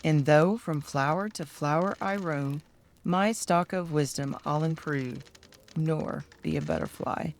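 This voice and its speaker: An older woman reads children's poetry aloud in a soft-spoken, gentle manner. Her pace is very unhurried and her voice sits somewhat low. A faint hum of background noise lies beneath her reading. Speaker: storyteller.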